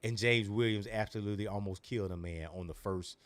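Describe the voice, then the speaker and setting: This sports podcast co-host talks fast in a steady tone, his voice on the low side, in a dry recording. The chat is casual and loose, animated, full of slang and laughter.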